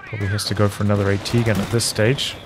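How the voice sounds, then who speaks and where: A man giving calm, analytical play-by-play commentary on a strategy game match. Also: fairly low pitch, racing, background noise. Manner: calm, analytical, even-paced. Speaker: game caster. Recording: commentary over loud game sound. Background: gunfire, artillery and vehicles.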